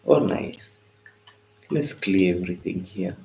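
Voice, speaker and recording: A man's voice: low-pitched, lively intonation, slow, gravelly, warm tone, poor audio. A young man with a tired voice, casually talking through forex charts on a live stream. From Kenya. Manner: loose, chatty, mixes in Swahili phrases. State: tired, voice going. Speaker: forex trading analyst.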